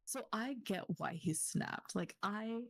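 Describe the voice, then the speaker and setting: Casting note: profane, emphatic female co-host with a husky voice. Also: medium pitch, expressive, slow, dry recording, clean studio sound. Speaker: podcast co-host. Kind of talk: casual book chat.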